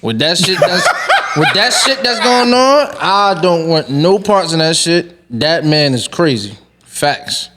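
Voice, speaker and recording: A man with a lively, swooping voice co-hosts a casual podcast. He jokes and rambles in an animated way. Faint background noise runs under the recording. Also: fairly high pitch, slow. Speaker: podcast co-host.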